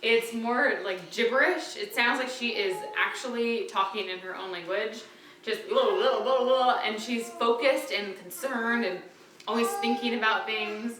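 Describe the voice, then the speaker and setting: A young woman chats to the camera about her twins in a bright, clear voice, fond and rambling, with "like" sprinkled through her talk. She sits some distance from the camera in a room at home, so the sound is roomy, with a faint hiss underneath. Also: on the high side, normal speed. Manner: chatty and fond, many "like" fillers. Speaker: vlogger and mother of twins. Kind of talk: casual chat to camera. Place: room in a family home with babies nearby.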